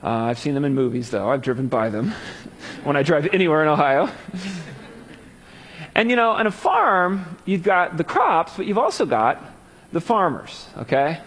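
Husky, lively man preaching in a hall. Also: on the high side, normal speed. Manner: casual asides, animated scripture reading. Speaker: Bible teacher. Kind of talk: conversational sermon. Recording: long hall reverb.

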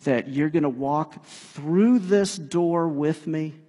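A man preaching a sermon in a casual, animated way, building to emphatic peaks. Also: a little high, slow pace, slightly rough. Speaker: pastor. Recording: long hall reverb.

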